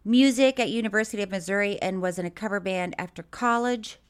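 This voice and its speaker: A woman's voice: medium pitch, fairly quick, clear, resonant tone. A woman co-hosting a podcast, chatting casually and telling stories with frequent laughs. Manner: laughing, animated storytelling. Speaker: podcast co-host. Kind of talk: casual chat.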